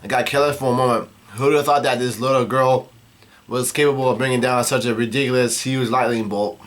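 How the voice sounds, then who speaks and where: A man reading the lines of a cold, cruel female swordfighter in a flat, quick voice. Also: medium pitch, natural voice.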